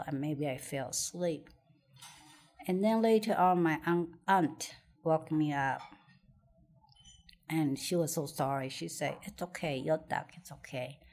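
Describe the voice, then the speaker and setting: Slow-speaking woman telling a childhood story. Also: low-pitched, darkish tone. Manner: hesitant, repeats words, laughs often. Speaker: interviewee. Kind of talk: personal storytelling in conversation.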